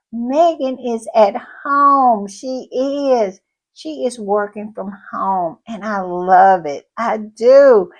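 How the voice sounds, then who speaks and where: A woman hosting her own channel, talking in a casual, effusive way to her viewers with many exclamations. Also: a little high. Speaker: royal commentary channel host. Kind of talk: casual commentary.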